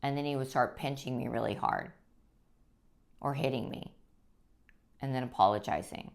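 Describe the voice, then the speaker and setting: A woman sharing her personal story as a guest, speaking earnestly and haltingly, with frequent restarts. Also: a bass voice, gravelly. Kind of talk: personal testimony.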